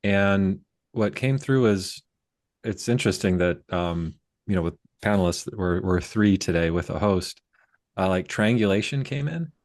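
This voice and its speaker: Calm, low-voiced man panelist. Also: measured pace, no echo, clean studio sound. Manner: calm, searching, with fillers. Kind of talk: reflective panel talk.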